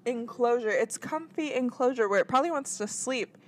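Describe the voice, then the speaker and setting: A woman's voice: fairly high pitch, fairly quick. A woman co-hosting a casual podcast, talking bluntly and sarcastically with a lot of swearing. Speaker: podcast co-host. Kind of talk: casual chat.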